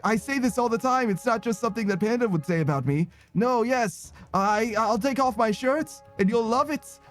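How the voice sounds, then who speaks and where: A man doing a comedic impression of a scheming, flirtatious male dragon streamer persona, with slow, grand, theatrical emphasis. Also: extremely high pitch, lively intonation, soft background music, voice pushed up. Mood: flirty grandiose.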